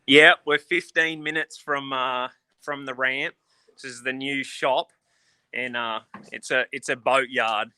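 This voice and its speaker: A man's voice: mid-range voice, steady tone, a little slow, sharp tone, clean tone, dry recording. An Australian man, a professional angler, chatting casually and with easy laughs on a call. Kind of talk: casual video call chat.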